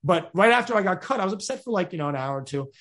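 A young man, answering interview questions in an energetic, rambling way with many restarts. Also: sits high, rapid-fire. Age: 20s. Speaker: podcast host being interviewed.

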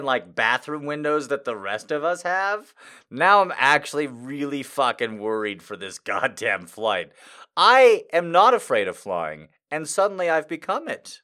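A man's voice: fairly high pitch, big pitch swings, measured pace, bright, forceful tone. A man reading a story aloud for comedy, breaking off into incredulous, profane asides and frequent laughter. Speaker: comedy reader.

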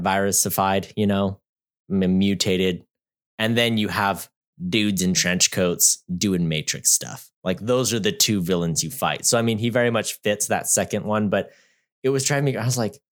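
A man co-hosting a casual movie review podcast, jokey and animated, often laughing and dropping to low mutters. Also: normal speed. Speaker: podcast co-host.

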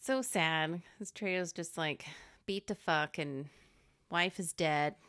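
A woman co-hosting a podcast in casual chat, chiming in with quick reactions and easy laughter. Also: on the low side, fairly bright tone. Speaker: podcast co-host.

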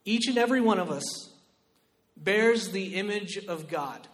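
A man preaching a sermon as pastor, shifting between loud, emphatic exhortation and quiet personal storytelling. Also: high-pitched, lively intonation, unhurried.

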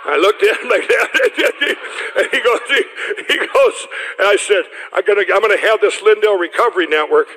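A man's voice: high voice, a little fast, pushed and bright. A middle-aged man telling a personal testimony to a group of pastors, rambling and restarting, often breaking into laughter. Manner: rambling, self-interrupting storyteller who laughs often. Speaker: speaker addressing a group of pastors. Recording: radio broadcast with long hall reverb.

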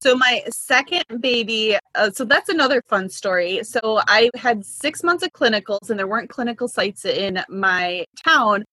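A woman's voice: fairly high pitch, lively intonation, normal speed, hardly any pauses, bright, forceful tone, breathy edge, dry recording. A woman in her thirties, a midwife, chatting as an interview guest with loose fillers and easy laughs. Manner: chatty, laughs between thoughts, many "like" fillers. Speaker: midwife and business consultant.

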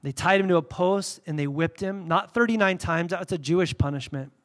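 Animated man preaching, pitch a bit high. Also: brisk. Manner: animated, candid storytelling with sudden loud bursts and quiet reverent drops. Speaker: pastor. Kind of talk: sermon.

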